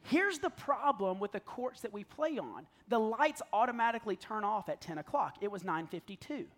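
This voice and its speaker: A man in his thirties with a notably high, light voice, preaching like he is chatting with friends. He tells stories on himself and laughs easily as he talks. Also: sing-song, moderate pace. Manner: storytelling, self-deprecating, laughs often. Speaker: pastor. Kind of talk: conversational sermon.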